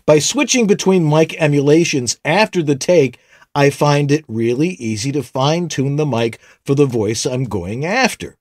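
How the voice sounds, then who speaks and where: A man's voice: on the high side, lively intonation, moderate pace, dry recording, studio quality. A man co-hosting a casual tech show, reading listener questions with wry, jokey asides.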